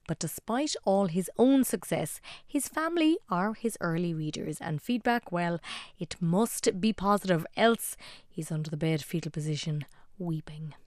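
A woman presenting a radio show, reading scripted links in a wry, measured way. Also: fairly low pitch, lively intonation, darkish tone, no room sound, clean studio sound.

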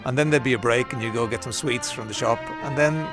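A man's voice: mid-range voice, fast, over music. An Irish man presenting a radio show in a chatty, casual way, reading out listener messages. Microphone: studio mic.

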